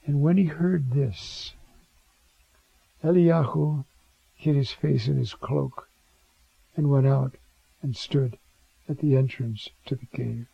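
A man's voice: steady tone, slow pace, gravelly, pauses often, warm tone, husky, dry recording, dull audio. An older man preaching a sermon on the prophets, acting out their words with dramatic swings of voice. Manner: dramatic, acts out biblical quotes with rising pitch.

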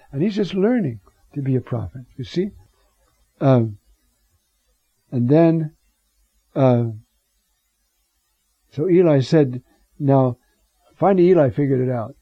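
Preacher, male, unhurried and a bit raspy, rambling Bible teaching with rhetorical questions, dry close sound. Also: medium pitch, no echo. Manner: digressive, with rhetorical asides and Hebrew words. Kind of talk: scripture teaching sermon. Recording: dull lo-fi recording.

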